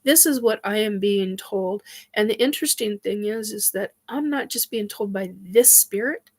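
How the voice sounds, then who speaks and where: Hosting a relaxed conversation about spirituality, a woman talks in a medium-pitched, darkish voice. Her nose is congested from crying, and her halting delivery is filled with sighs and filler words.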